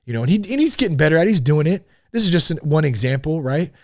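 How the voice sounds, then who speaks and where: A man in his thirties hosting a podcast, talking frankly in a casual, animated monologue. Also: fairly high pitch, fast talker, no echo, studio quality. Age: 30s. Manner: animated and frank, with swearing and rising emphasis. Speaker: podcast host.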